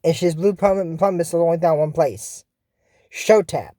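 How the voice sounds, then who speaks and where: A woman's voice: lowish voice, normal speed, warm tone, dry recording, studio quality. A woman casually recapping a cartoon episode, rambling and joking in asides. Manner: rambling, jokey, trails off into asides.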